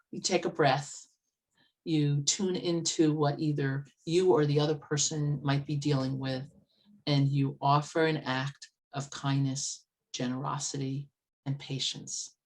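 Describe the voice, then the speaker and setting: A woman life coach speaks earnestly to an online meetup over a video call, with a notably low-pitched voice. She tells stories conversationally and with vivid detail. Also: flat delivery, takes it slowly. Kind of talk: storytelling talk at an online meetup. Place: old farmhouse, indoors.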